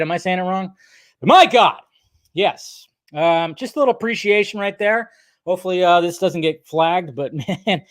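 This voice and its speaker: Male film-news streamer, casual and profane, rambles through viewer comments; slightly high voice, dry close sound. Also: no room sound. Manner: rambling, loose and profane, talks straight to viewers.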